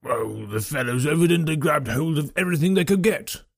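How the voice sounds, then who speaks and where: A man's voice: a little high, lively intonation, gravelly, no echo, clean studio sound. Man doing a bluff old colonel. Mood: chatty. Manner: brisk, matter-of-fact. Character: bluff old retired army colonel, hearty country gent. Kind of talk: audiobook character reading.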